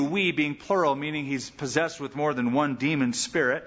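Man preaching, fairly high voice, big echoey church sound, kinda muffled. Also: moderate pace, hardly any pauses. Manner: animated preacher, acts out quoted lines. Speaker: pastor. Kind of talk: sermon. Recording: muffled sound with long hall reverb.

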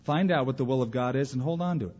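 A man's voice: mid-range voice, fast talker, darkish tone. A man preaching a sermon as a pastor, telling stories and acting out the voices he quotes. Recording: dull audio with long hall reverb.

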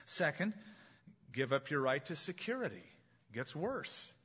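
A man preaching a sermon as pastor, emphatic and slowing down to stress key phrases. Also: a little high, sing-song, bright, forceful tone, breathy edge, muffled recording.

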